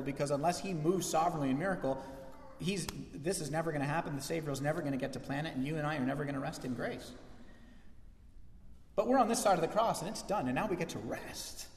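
Man, pastor preaching a sermon, fairly high voice, long church reverb. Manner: animated, acts out quoted voices. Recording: echoey church hall.

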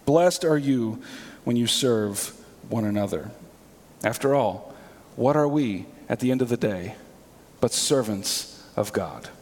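A male pastor preaching a sermon, swinging between hushed, slow passages and emphatic, raised lines. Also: mid-range voice, expressive. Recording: long hall reverb.

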